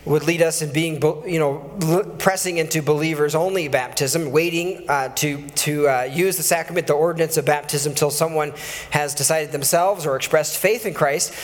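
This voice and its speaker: A man's voice: on the high side, fairly even intonation, normal speed, big-room sound. A male pastor giving a conversational sermon and reading scripture aloud, often correcting himself and adding chuckling asides.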